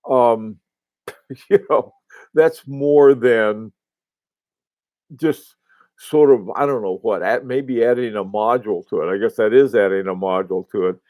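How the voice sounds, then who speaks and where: A man hosting a casual livestream, answering viewers in a halting, rambling way with many restarts and fillers. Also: fairly low pitch, darkish tone, no echo. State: has the hiccups. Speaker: host of a live watch talk.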